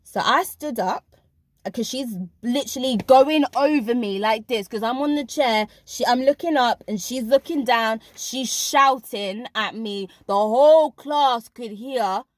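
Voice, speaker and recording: A woman tells a story from her own life in a casual vlog, pressing hard on her points and talking straight to her viewers. Her voice sits a little high. The sound is dry and close, with no room echo. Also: a little slow. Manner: emphatic, addresses viewers directly. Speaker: vlogger recounting a school job.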